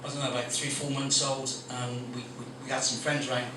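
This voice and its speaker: A man's voice: medium pitch, level tone, fairly quick. Stand-up compere, man, crude and chatty, recorded far away in a noisy room. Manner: blunt, crude, chatty storytelling with swearing. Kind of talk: stand-up comedy set. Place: small coffee shop venue with live audience. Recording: very echoey room recorded from a distance with background noise.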